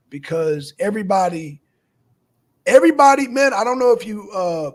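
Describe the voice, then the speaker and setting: Brief: male host, casual news banter, needling, husky tone. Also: sits high. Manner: animated, needling, swears casually. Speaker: show host.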